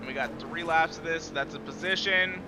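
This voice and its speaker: Streamer, man, high-ish voice, loose and profane play-by-play, game engines roaring behind. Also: moderate pace. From United States. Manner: excitable, profane trash talk at rivals. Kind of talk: live gameplay commentary. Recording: loud game engine noise underneath. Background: racing game car engines.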